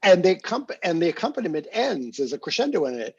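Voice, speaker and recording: A man's voice: on the high side, very animated, a little fast, hardly any pauses, a little mellow, breathy edge. A man coaching an opera singer after her aria, chatty, with fillers, singing short phrases to show what he means. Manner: chatty, sings phrases to demonstrate, many fillers. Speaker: opera coach on a master class panel. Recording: dull lo-fi recording.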